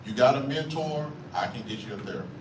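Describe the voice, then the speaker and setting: Man, low pitch, earnest, halting, distant mic, noisy echoey room. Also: expressive. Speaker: foundation founder at a panel. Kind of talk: community panel remarks.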